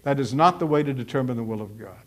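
A man's voice: medium pitch, quick pace. A middle-aged man preaching a sermon as pastor, folksy and emphatic, acting out quotes from people he talks about.

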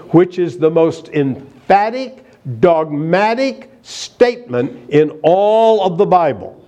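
A man's voice: fairly high pitch, animated, slow, dark tone, lo-fi sound. A man preaching a sermon, emphatic and asking the congregation rhetorical questions.

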